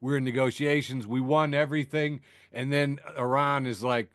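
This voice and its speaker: A man's voice: medium pitch, brisk, hardly any pauses, a bit bright, dry recording, studio quality. A man hosting a podcast, riffing sardonically through news, laughing at his own jokes, with lots of fillers and restarts. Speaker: podcast host. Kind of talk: casual news chat.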